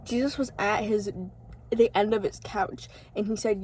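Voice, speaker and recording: A woman in her twenties telling animated, laughing stories in a car, acting out the quotes. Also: medium pitch, normal speed, husky, low-quality recording. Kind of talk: casual storytelling. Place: inside a car. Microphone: phone camera.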